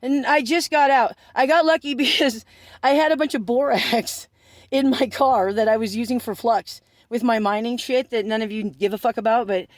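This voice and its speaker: A man's voice: extremely high pitch, normal speed, dry recording. A man telling a rambling, profane story, laughing through it and breaking into sarcastic asides. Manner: swears constantly, laughs through his story. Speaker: vlogger.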